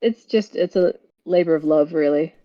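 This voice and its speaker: An Australian woman talks in a relaxed, upbeat way, laughing easily and agreeing readily. Her voice sits in a middle range. The recording is a little muffled and lo-fi. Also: sits low, normal speed. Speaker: guest, actor and audiobook narrator. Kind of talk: casual chat.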